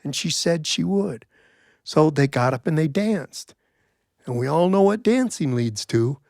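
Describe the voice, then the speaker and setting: A middle-aged man telling a folk tale in a wry, folksy, animated way. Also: a little high, a little slow, vocal fry, dry recording, studio quality. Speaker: storyteller. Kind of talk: told folk-tale storytelling.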